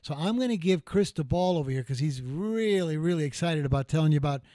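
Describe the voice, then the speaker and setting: A man hosting a sports betting talk show from a studio, brisk and plain. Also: on the high side, expressive, mellow, dry recording. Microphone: close studio mic.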